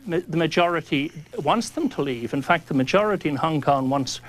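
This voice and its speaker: A man's voice: a little high, expressive, a little fast. A Northern Irish man, a priest on a debate panel, arguing combatively with rhetorical questions. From Northern Ireland. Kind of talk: heated televised debate.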